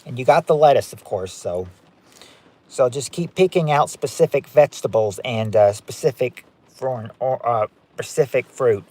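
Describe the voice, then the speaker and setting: A man's voice: mid-range voice, moderate pace, dark tone. A man hosting a live-stream game night, chatting as he reads out viewer guesses and rules on each one. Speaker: game show host.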